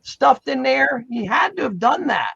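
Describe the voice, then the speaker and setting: A man's voice: very high voice, big pitch swings, measured pace, vocal fry, fairly bright tone, husky. A man from Pennsylvania, a guest on a casual livestream, talking in a blunt, profane, joking way. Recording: dull lo-fi call audio.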